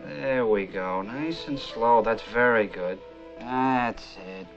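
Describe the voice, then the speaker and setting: A slow, soothing tinkerer. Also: male voice, mid-range voice. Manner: slow, soothing, coaxing instructions. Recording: dull film audio with faint music.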